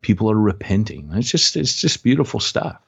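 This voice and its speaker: A man co-hosting a podcast, telling a story in casual chat and acting out quotes in a higher voice. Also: sing-song, normal speed, vocal fry, husky, no echo, dull audio. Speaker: podcast co-host, church planter.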